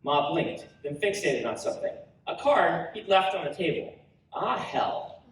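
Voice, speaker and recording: A man reading his own story aloud at a convention panel, animated and storytelling. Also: a little high, measured pace, recorded from a distance, a little hiss or hum. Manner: animated storytelling with character voices. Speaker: author reading his work. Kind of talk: live reading of a book prologue. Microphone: audience recorder in front row. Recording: roomy hall recorded from audience.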